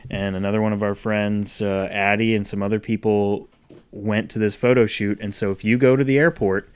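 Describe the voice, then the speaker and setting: Smooth-voiced joking male host. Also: fairly low pitch, normal speed. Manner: joking, animated storyteller. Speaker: podcast host. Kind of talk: casual chat.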